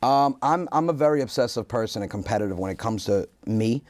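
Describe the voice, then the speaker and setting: A man's voice: mid-range voice, a little fast. A man, a comedian guest, telling funny stories in a casual interview and jumping into the voices of the people he quotes. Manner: animated, acts out quoted voices.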